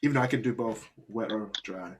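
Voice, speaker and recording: A man's voice: fairly low pitch, fast, a little hiss or hum. A man hosting a podcast, joking and bantering in casual chat. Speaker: podcast host.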